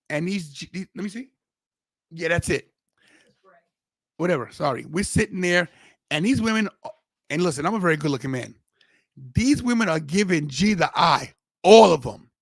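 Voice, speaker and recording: Gravelly rambling male podcast host. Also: fairly high pitch, expressive, measured pace, long pauses, no echo. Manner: rambling storyteller with many restarts. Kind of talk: casual chat.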